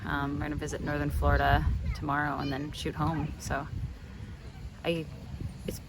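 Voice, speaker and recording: Chatty vlogging mom, recorded outdoors on camera audio with water noise clearly heard behind her. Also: deep voice, completely flat delivery, normal speed. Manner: chatty, with frequent ums and restarts. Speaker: mother and vlogger. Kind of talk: casual family travel vlog. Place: outdoors on a paddle board on the water. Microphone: handheld camera.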